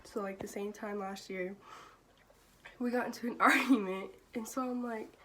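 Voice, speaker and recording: A woman's voice: mid-range voice, fairly even intonation, moderate pace, bright, forceful tone, a little hiss or hum. A young woman telling a storytime vlog in a casual, profane way, laughing often and filling her talk with "like". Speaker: vlogger.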